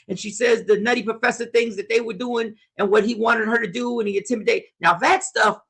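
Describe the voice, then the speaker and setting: A man hosting a casual livestream, commenting on the news and reading viewers' comments aloud, animated and repetitive. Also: high voice, fairly quick, vocal fry, husky. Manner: animated, talks back to chat, repeats himself. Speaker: host.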